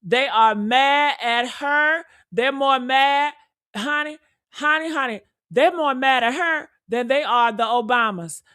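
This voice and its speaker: A woman delivers reaction commentary in a high voice. She talks slowly and with heavy emphasis, repeating lines and calling listeners honey and baby. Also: a bit bright, smooth. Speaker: commentary creator.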